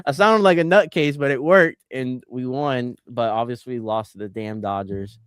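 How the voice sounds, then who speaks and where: A man's voice: medium pitch, measured pace, smooth, no echo, clean studio sound. A man co-hosting a casual sports podcast, chatting, joking and reading out viewer comments. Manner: animated, jokey, reads out live comments. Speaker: podcast co-host.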